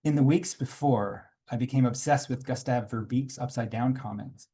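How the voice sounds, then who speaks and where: Male comics artist reading his memoir to a panel audience, warm, a little breathy, unhurried asides. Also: mid-range voice. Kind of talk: reading aloud from his own graphic memoir. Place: conference panel room.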